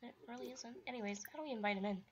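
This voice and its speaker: A woman hosting a video game let's-play, chatting casually and pleading with the characters in an animated, playful way. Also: a little high, very fast, husky. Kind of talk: casual commentary while playing a life-sim game. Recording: dull lo-fi mic.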